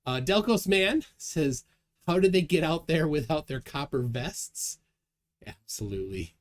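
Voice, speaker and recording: Animated man hosting a livestream chat. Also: on the high side, measured pace. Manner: lively, chuckling, reads chat aloud. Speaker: livestream host. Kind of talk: casual livestream chat reading viewer comments.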